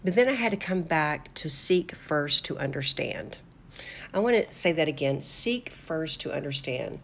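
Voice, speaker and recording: Brief: older woman, low voice, heartfelt faith talk host, casual and earnest. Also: lively intonation, moderate pace, gravelly, a little hiss or hum. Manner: earnest and conversational, with fillers and restarts. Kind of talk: devotional talk to listeners.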